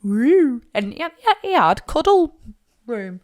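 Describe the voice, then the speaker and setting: Unhurried and high-pitched, this young Lancashire woman hosts a podcast where she tells her own stories as a monologue. She's open and chatty, swears freely, and becomes animated when voicing her family. Her accent is Northern English.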